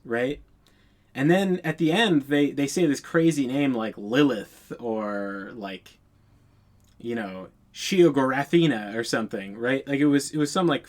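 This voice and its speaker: A young man telling a casual storytime anecdote in a blunt, profane, incredulous way. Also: mid-range voice.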